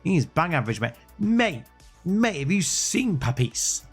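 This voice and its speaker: A young man doing excitable, jokey, rambling let's-play commentary. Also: fairly high pitch, unhurried, breathy edge, soft background music. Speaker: gaming YouTuber.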